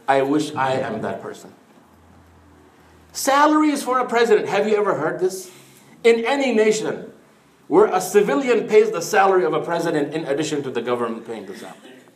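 A man's voice: fairly high pitch, echoey room. A man preaching an Islamic sermon in an earnest storytelling manner, mixing in Arabic phrases.

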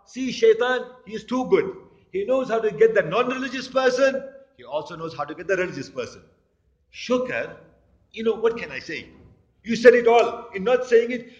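A man's voice: high-pitched, a little mellow, lo-fi sound. A man preaching a sermon to a congregation, telling stories and acting out the people he quotes. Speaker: imam.

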